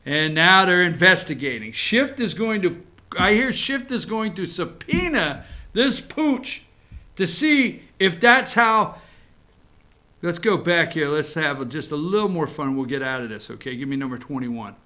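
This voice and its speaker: Animated joking male talk-show host. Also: fairly high pitch, measured pace. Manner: joking, animated, talks to his crew. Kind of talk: casual talk-show commentary. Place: office.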